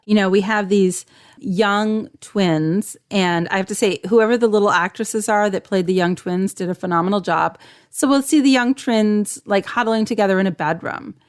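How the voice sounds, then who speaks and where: A woman's voice: medium pitch, moderate pace, clear, resonant tone. A woman co-hosting a podcast in casual chat, frankly retelling scenes with "you know" and "like" fillers. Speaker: podcast co-host. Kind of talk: casual chat reviewing a TV series.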